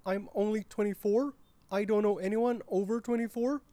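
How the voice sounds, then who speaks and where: A woman's voice: medium pitch, fairly even intonation, normal speed, mellow, no echo, lightly acted. A woman playing a clueless, whiny young white corporate man in a comedy sketch. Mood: dismissive. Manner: whiny, dismissive.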